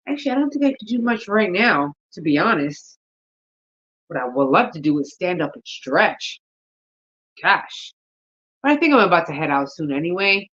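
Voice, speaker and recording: This woman vlogs about gardening, her fairly low-pitched, fairly bright voice coming through with the highs cut off. She's sleepy, rambling casually, thinking aloud and yawning often.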